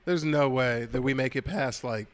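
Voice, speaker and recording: A young man co-hosting a podcast in casual chat, excitable and laughing often. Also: medium pitch, normal speed, clean tone. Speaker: podcast co-host.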